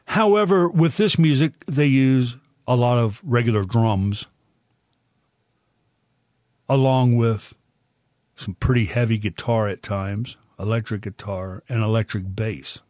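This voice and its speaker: Slow, folksy older man hosting. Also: medium pitch, a little mellow, dry recording, studio quality. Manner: unhurried, folksy and chatty. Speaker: music show host. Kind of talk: casual spoken introduction of music.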